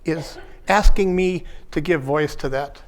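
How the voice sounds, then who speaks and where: In a voice on the high side, this man, a pastoral counselor, leads a reflective workshop talk in brief, measured phrases.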